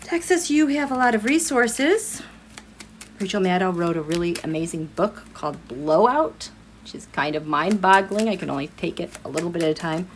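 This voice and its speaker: A woman giving a live-streamed tarot reading in an animated, exasperated way, speaking straight at the people she reads about. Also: fairly low pitch, normal speed, a little hiss or hum. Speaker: tarot reader.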